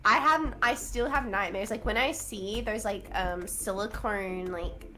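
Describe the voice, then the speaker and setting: A woman's voice: mid-range voice, bright, forceful tone, a little hiss or hum. A woman co-streamer chatting casually, cracking jokes with a giggle. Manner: slow, joking, giggly. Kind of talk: casual chat. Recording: faint music behind.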